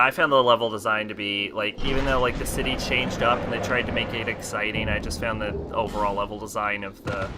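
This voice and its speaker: A man's voice: on the low side, background noise. A man streaming and chatting casually, rambling with lots of fillers and laughing easily.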